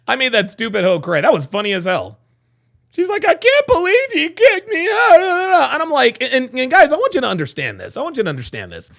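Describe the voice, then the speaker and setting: A man hosting a casual livestream, reading chat and telling profane, animated stories. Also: high voice, creaky.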